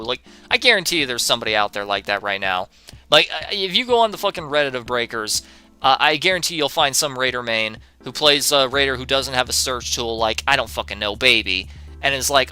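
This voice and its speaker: A young man on a game stream with a very bright, forceful and smooth voice. He reads chat and answers in sarcastic, swearing rants, with faint game music underneath. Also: mid-range voice, expressive, normal speed. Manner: sarcastic, profane, often laughing.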